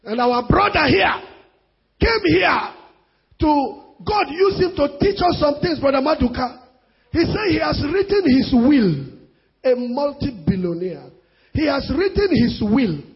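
A Nigerian-accented preacher drives his sermon with repeated phrases and sudden shouted bursts. His voice is strikingly high and gravelly with a strained, husky edge. The recording is dull and lo-fi. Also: sing-song, a little slow. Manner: emphatic, repetitive, bursts of shouting. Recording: dull lo-fi sound.

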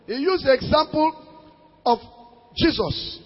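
A man preaches in a strikingly high, husky voice, pressing his points in short broken phrases and circling back to repeated refrains. His sermon rings through a church hall with a long trailing reverb, and the recording sounds dull and lo-fi. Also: lively intonation, normal speed, faint music behind. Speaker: pastor.

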